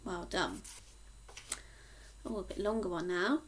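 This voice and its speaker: A woman teacher from Cornwall slowly sounding out words in a sing-song phonics lesson for young children. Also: fairly low pitch, a little hiss or hum. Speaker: primary school teacher.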